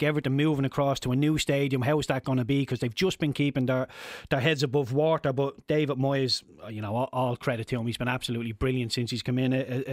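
A man's voice: medium pitch, dry recording, studio quality. A man giving football punditry on radio, with stumbling restarts.

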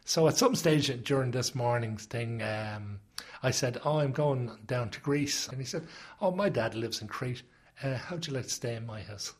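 A man's voice: medium pitch, moderate pace. Dublin man telling a rambling story. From Ireland. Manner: rambling, anecdotal. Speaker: interviewee. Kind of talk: casual storytelling.

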